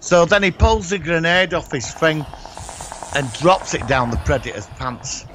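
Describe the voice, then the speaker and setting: A man's voice: a little high, a little slow, noisy background. Man rambling through a story. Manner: rambling, animated retelling with sound effects and swearing. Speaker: podcast co-host. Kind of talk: casual chat.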